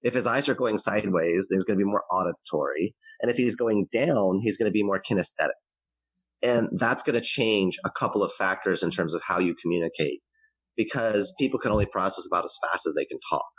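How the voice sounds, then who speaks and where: Male interview guest, very low voice, dry close sound, earnest and explanatory delivery. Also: fairly quick, breathy edge, no room sound, low-quality recording. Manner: earnest, explanatory, varies his pace to demonstrate. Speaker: guest expert on parenting. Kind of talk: conversational advice interview.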